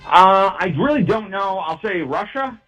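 Upbeat high-voiced male caller. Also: expressive, unhurried, a bit bright, lo-fi sound, soft background music. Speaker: caller and contestant. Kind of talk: casual phone-in answers.

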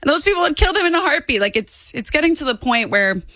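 Young woman guest rattling off opinions fast, kinda high voice, dry sound. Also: very animated, bright, forceful tone, dry recording. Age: 20s. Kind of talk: political talk radio chat.

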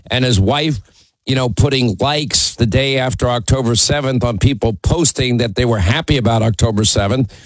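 A man's voice: mid-range voice, no echo, poor audio. A middle-aged man hosting a call-in radio show, blunt and mocking as he argues with callers. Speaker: radio talk show host. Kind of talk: combative call-in radio talk.

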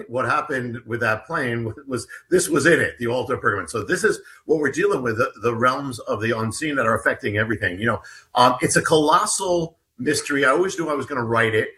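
A man's voice: mid-range voice, expressive, brisk, pushed and bright, low-quality recording. A man being interviewed as an author, explaining earnestly with frequent fillers and restarts. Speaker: guest author. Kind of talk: interview talk.

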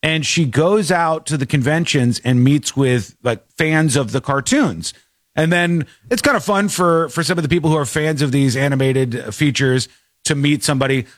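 A man hosting a casual commentary show, his voice a little higher than most. He rambles and restarts often, and his delivery is animated. The sound is dry and close. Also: moderate pace, dry recording. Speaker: show host.

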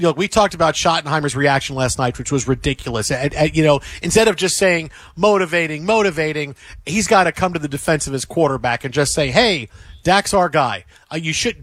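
A man's voice: a little high, a bit bright, dry recording. A man hosting sports talk radio, ranting emphatically and repeating himself as he acts out what others say.

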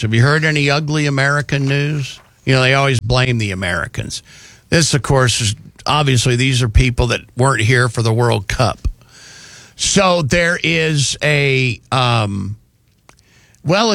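A man hosting a talk show, telling news stories in a casual, animated way with jokey asides. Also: medium pitch, creaky, no room sound. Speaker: radio show host.

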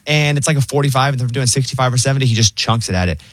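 A man's voice: medium pitch, very fast, no echo. A man hosting a radio talk show, chatting casually and asking earnest questions. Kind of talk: casual radio chat and interview.

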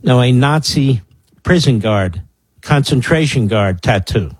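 Husky sarcastic man in his sixties hosting talk radio. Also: mid-range voice, animated, a little slow, no echo. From Philadelphia area, US. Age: 60s. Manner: sarcastic, mocking asides to his producer. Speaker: radio talk show host. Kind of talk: political talk radio commentary.

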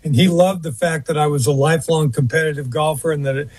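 A husky man tells a long story as an interview guest, rambling a little and filling pauses with uh and um. His voice sits a touch high for a man. The sound is close and dry. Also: darkish tone, no room sound. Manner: rambling, fills pauses with uh and um, restarts. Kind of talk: anecdotal storytelling in conversation.

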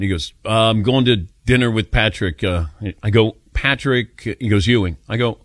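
A man's voice: lowish voice, normal speed, hardly any pauses, dry recording, studio quality. A man hosting a sports talk radio show, telling stories casually and taking calls. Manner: animated anecdote-telling, mimics voices in quotes.

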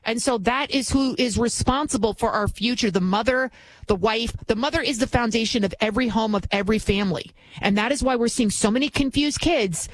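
A woman filling in as a talk radio host, giving brash, scornful commentary and mimicking other people's voices. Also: fairly high pitch.

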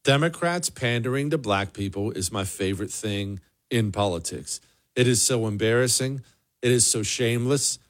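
At medium pitch and a moderate pace, this man hosts a political commentary show alone. He's sarcastic and forceful, repeating points again and again for emphasis.

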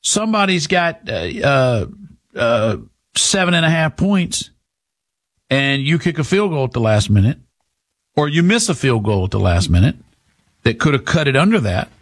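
Husky, rambling talk show host man. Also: mid-range voice. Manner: rambling, emphatic, with frequent restarts. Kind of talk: opinionated sports and politics talk.

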